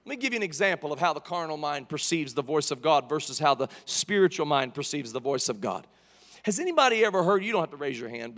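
A male preacher giving an impassioned sermon, moving from quiet storytelling to shouted proclamation. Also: high voice, long reverb tail.

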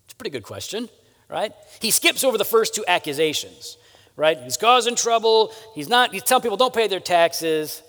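A man with a high, somewhat bright voice preaches a sermon as a pastor, animated and at a moderate pace. He speaks conversationally to his listeners, often checking in with "right?", and a long hall reverb surrounds the recording.

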